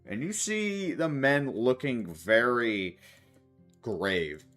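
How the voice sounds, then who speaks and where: A man narrating a tabletop game as game master, loose and halting with frequent fillers. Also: mid-range voice, animated, a bit bright, faint music behind. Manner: loose, halting, laughing between lines.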